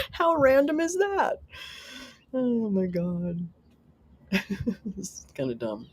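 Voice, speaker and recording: Her voice is on the high side and swoops wildly in pitch, though she speaks slowly. As host of a laid-back live stream, this woman chats and giggles with viewers, reads their messages aloud, and swears casually while poking fun at herself.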